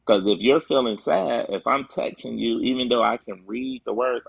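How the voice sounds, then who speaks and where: Gravelly low-voiced man, earnest. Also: dry recording. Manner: earnest, emphatic, with fillers. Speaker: guest. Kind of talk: casual chat.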